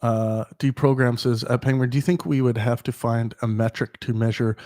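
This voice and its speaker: A man's voice: mid-range voice, little pitch movement, moderate pace, a little mellow, dry recording, clean studio sound. Rambling man hosting a livestream Q&A. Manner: rambling, with frequent restarts and chuckles. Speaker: host answering viewer questions. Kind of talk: casual livestream Q&A.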